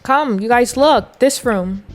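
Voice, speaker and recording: A woman's voice: on the high side, slow pace, faint music behind. Chatty young woman streaming a game. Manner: chatty, giggly, talks to the viewers and narrates the characters. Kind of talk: live gameplay commentary. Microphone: desk mic.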